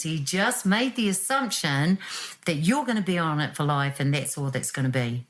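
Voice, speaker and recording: A woman, telling her own story in an animated, reflective way and acting out what was said. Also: on the low side. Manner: animated, acts out quotes with laughs.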